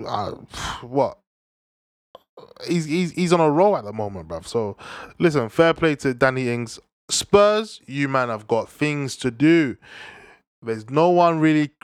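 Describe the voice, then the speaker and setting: A young man giving a casual, animated football rant, full of slang, swearing and laughter. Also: medium pitch, no echo, studio quality. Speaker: football fan commentator. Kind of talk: casual opinionated football chat.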